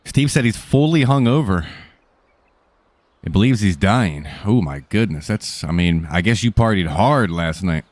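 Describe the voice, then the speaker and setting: A man's voice: low voice, expressive, measured pace, a little mellow. A man casually greeting viewers by name and answering chat during a live stream, joking in a laid-back way.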